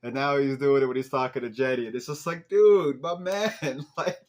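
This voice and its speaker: Animated young man recapping a show. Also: medium pitch, fast talker. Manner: animated, swearing, laughing at the plot. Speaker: podcast host recapping an episode. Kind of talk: casual recap chat.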